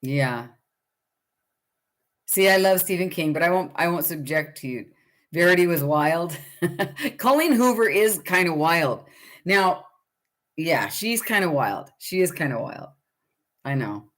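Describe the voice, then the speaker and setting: A woman's voice: on the low side, animated, measured pace, pauses often. Chatty middle-aged woman hosting a book club. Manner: chatty, rambling, greets viewers by name. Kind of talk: casual livestream chat.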